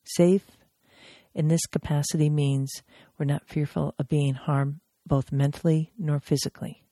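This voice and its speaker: Emphatic woman trainer with a mellow, dry voice. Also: deep voice, level tone, unhurried, no echo. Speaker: crisis intervention trainer. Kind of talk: instructional podcast talk.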